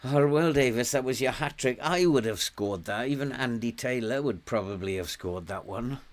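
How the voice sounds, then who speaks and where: An older man with a Welsh accent talking through a football management game as he streams it. He chats loosely, cheers his players on and tells them off, with plenty of little chuckles. His voice sits in an ordinary middle pitch. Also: normal speed. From Wales. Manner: chatty, coaxes and scolds his virtual players, chuckles often. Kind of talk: casual gameplay commentary.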